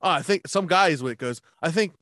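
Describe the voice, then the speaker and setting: A man telling stories in a casual chat, animated, swearing a lot and laughing often. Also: on the high side, fast, no room sound, studio quality. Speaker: podcast co-host.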